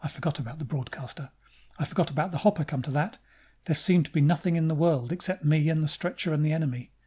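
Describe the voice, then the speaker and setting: Husky dark-voiced male audiobook narrator. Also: on the high side, fast talker. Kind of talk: first-person audiobook narration.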